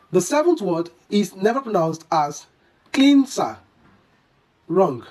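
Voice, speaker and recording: An unhurried, breathy voice narrating a scripted pronunciation lesson. It explains each word with care and repeats the correct form several times. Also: mid-range voice, darkish tone, rough recording. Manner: careful, deliberate explanations with repeated model words. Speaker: English pronunciation teacher.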